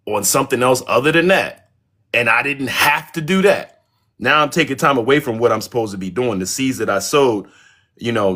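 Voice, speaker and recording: A man in a casual group chat, talking in a calm, easygoing, reflective way. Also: mid-range voice, husky.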